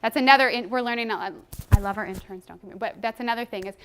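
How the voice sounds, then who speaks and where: A woman giving a training presentation to a roomful of people, animated and acting out quotes from children and teachers. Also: a little high, fast, a little hiss or hum.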